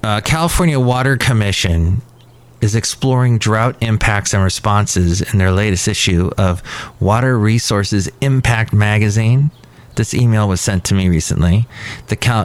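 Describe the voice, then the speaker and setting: A man's voice: lowish voice, moderate pace. A man hosting a casual podcast outdoors near a cafe, giving sarcastic, ranting asides. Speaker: podcast host. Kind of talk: casual solo podcast talk. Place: outside a cafe.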